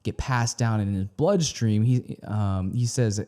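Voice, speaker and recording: Low, mellow man thinking out loud. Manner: thinking aloud, hesitant with many pauses and restarts; asks the viewers questions directly. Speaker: music reaction video host. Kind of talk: casual reaction commentary.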